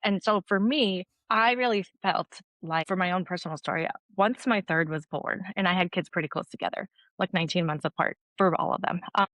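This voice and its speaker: A woman in her thirties, a registered nurse and mom educator, guests on a podcast and earnestly tells her personal story, leaning heavily on "like" as filler. Her low-ish voice is a bit bright and a little fast with hardly any pauses, recorded dry.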